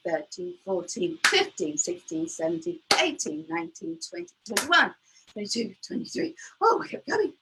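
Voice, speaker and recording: A woman leading a lively counting lesson for young children, bubbly and encouraging, counting aloud in a sing-song way. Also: fairly low pitch, background noise. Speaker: early years maths teacher.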